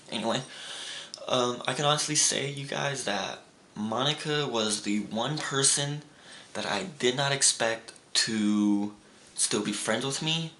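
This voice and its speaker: Young man with a bright voice, rambling. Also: medium pitch, unhurried. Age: young adult. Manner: rambling, with restarts, acting out friends' lines in raised voices. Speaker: vlogger. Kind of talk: casual storytelling vlog. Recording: roomy echo with faint background hum.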